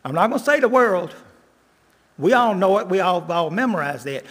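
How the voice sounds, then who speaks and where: An older man preaching a sermon as a guest preacher, earnest, repeating lines and slowing down for emphasis. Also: sits high, sing-song, fairly bright tone. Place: church sanctuary. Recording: long church reverb.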